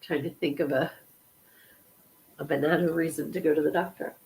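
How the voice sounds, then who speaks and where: A woman's voice: deep voice, steady tone, moderate pace, a little mellow, a little hiss or hum, low-quality recording. A woman hosting a casual livestream podcast, giggling as she reads corny jokes from the chat. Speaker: podcast host.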